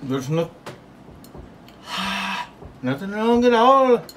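A man voicing a squeaky, prissy male busybody with a mock-offended, sing-song way of talking, in a noisy home recording. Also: very animated, very slow, fairly bright tone, exaggerated voice.

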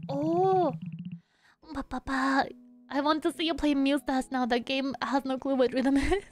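A young woman streaming a game, chatting playfully with her viewers and humming little tunes between lines. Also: sits high. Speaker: VTuber streamer. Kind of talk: casual gameplay commentary.

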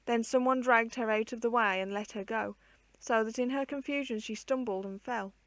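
A woman reading an old children's book aloud in a measured, expressive way. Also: fairly high pitch, dry recording. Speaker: storyteller.

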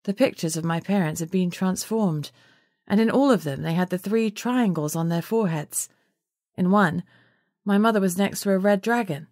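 A low-voiced woman narrates an audiobook in scripted first person, telling the story in a steady, measured way. The recording is dry and studio quality.

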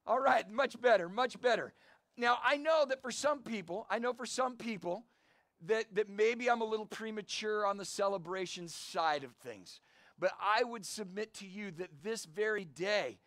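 A middle-aged male pastor preaching an energetic, storytelling sermon outdoors and calling for amens. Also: high voice, no echo. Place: outdoor church service.

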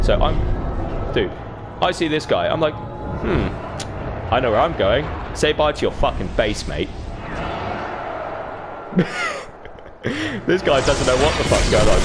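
A gaming YouTuber with a slightly high voice and big pitch swings talks at normal speed over music while playing. He's casual and relaxed, swearing heavily and mimicking others, and the recording has noticeable background noise.

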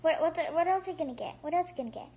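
A woman hosting a casual gameplay commentary, excitable and chatty, gasping and squealing at surprises and rambling with restarts. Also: very high voice, very fast, dull audio, heavy background noise. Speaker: gaming channel host.

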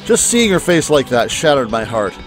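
A man's voice: mid-range voice, big pitch swings, normal speed, faint music behind, natural voice. A man reading a wounded young man's first-person narration aloud from a visual novel, in a plain, lightly dramatic way.

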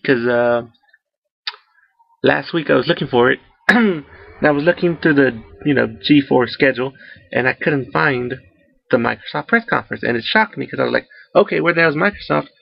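Rambling man with a gravelly voice. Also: mid-range voice, dry recording. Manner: rambling, many fillers and restarts. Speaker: YouTuber. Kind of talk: casual solo commentary. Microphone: home sound recorder. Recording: muffled dry home recording.

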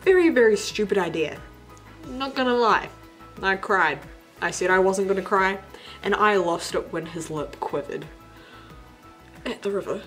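A young woman from New Zealand chatting casually in a movie review vlog, bubbly and playful with quick asides. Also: mid-range voice, a bit bright. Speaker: vlogger. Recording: faint background music.

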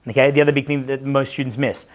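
A man's voice: medium pitch, little pitch movement, quick pace. A man working as a dating coach, telling casual stories in a brash, profane way, laughing often and acting out the voices of the people in his stories. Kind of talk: casual storytelling chat.

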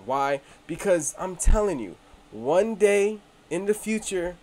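A man hosting a crypto video, casual and brash, joking and teasing his viewers, dropping to mumbles and then bursting out loudly. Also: high voice, animated, slow. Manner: joking, brash and swaggering, swings between mumbling and shouting. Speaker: crypto channel host. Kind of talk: casual hyped promo talk.

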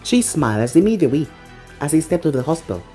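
A narrator reading a fan-fiction story aloud in an expressive way. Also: mid-range voice, quick pace, faint music behind.

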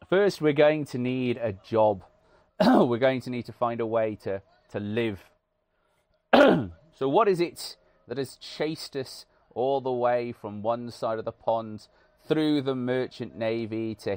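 A man's voice: medium pitch, clean tone, no room sound. A British man from the UK giving casual, wry commentary over a video game, self-deprecating and full of "uh" fillers. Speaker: gaming channel host.

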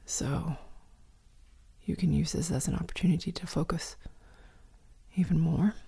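A woman guiding a meditation in a soft, slow, often whispered voice. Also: low voice, steady tone, creaky, slightly rough. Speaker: meditation guide. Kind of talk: guided meditation.

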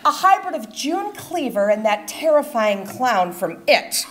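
A middle-aged woman reading her own personal essay on stage with expressive comic timing. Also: a little high, unhurried, few pauses, a little hiss or hum. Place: event stage before an audience.

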